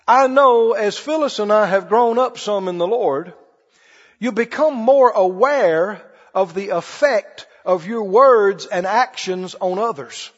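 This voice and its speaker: A man's voice: high voice, takes it slowly. A man preaching a sermon in a conversational way, asking the congregation questions and acting out little scenes. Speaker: pastor. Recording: dull lo-fi audio with long hall reverb.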